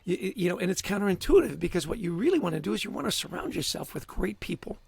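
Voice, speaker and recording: A man telling stories as a guest in a casual interview, lively and quick to laugh, often repeating words as he speaks. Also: sits high, vocal fry, slightly rough, no room sound.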